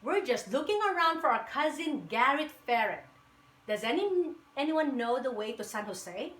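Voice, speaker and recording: A woman voicing a pair of bumbling, lost male moles with a high, bouncy manner. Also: sing-song, moderate pace, fairly bright tone. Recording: echoey room.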